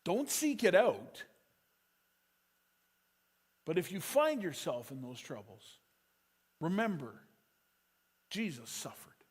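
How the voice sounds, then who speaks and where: A middle-aged man preaching a sermon as pastor, telling stories that swing from loud urgency to a quiet hush. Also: fairly high pitch, big pitch swings, slow pace, long pauses, husky.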